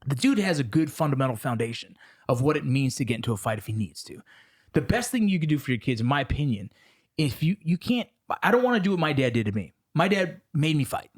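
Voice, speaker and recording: A man in his thirties hosting a podcast, telling stories casually, animated and full of profanity. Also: fairly high pitch, fast talker, breathy edge. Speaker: podcast host. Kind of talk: casual conversation.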